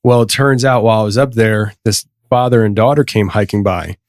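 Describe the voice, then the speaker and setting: A man's voice: lowish voice, a little fast, a little mellow, no echo, studio quality. A man hosting a podcast, telling a story in a loose, rambling way with many restarts and frequent laughs. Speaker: podcast host. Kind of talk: casual conversation.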